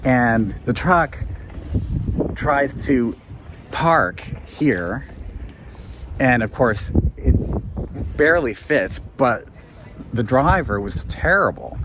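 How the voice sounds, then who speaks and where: A man's voice: mid-range voice, takes it slowly, long pauses, noisy background. Chatty man telling a vlog story. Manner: chatty, animated storyteller who laughs mid-story. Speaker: guesthouse owner and vlog host. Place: guesthouse.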